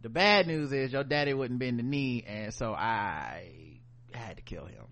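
A man's voice: mid-range voice, lively intonation, a little slow, a bit bright, voice pushed down. A man voicing a young queen in a blunt, slangy, offhand way. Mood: matter-of-fact.

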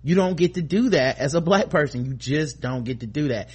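A man talking as a podcast co-host in casual commentary, animated and profane, with frequent fillers and restarts that rise into emphatic outbursts. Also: fairly high pitch, brisk, husky.

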